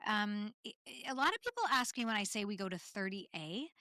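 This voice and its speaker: A chatty woman from Canada hosting her own podcast, spinning loose, laughing stories packed with ums and tangents. Her voice is bright and forward on a close mic, and the dry room adds no echo. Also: medium pitch, fairly quick. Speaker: podcast host. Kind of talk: solo podcast storytelling.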